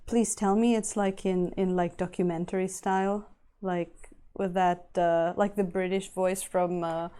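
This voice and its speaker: A woman's voice: lowish voice, flat delivery, unhurried, dark tone, clean tone. A woman chatting casually with her live-stream viewers while she paints a miniature, rambling and laughing often.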